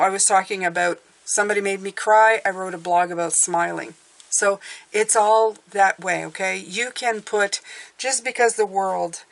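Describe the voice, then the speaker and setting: A woman's voice: fairly low pitch, fairly bright tone. A middle-aged woman giving a casual tarot reading, chatty and reassuring, often checking in with "okay?". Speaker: tarot reader.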